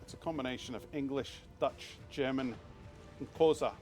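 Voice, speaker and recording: A man's voice: mid-range voice, normal speed, a little mellow, soft background music. A man in his thirties chatting casually while streaming a game, rambling with restarts and frequent swearing. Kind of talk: live game stream commentary.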